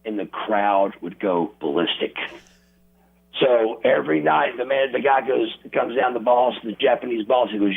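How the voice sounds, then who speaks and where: A man telling wrestling stories as an interview guest, animated and acting out crowd reactions and quotes. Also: medium pitch, normal speed, gravelly, slightly rough. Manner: animated storyteller, acts out crowd noises and quotes. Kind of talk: casual storytelling interview. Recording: tinny phone line.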